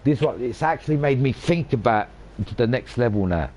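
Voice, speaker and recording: A man in his forties talking casually over a racing game. He drifts into blunt, profane rants and hammers his points home by repeating them. His voice sits at an ordinary middle pitch. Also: lively intonation, normal speed, noisy background. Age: 40s. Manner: swears a lot, rants emphatically with repeated phrases. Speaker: gaming channel host. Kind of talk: casual rambling commentary over gameplay.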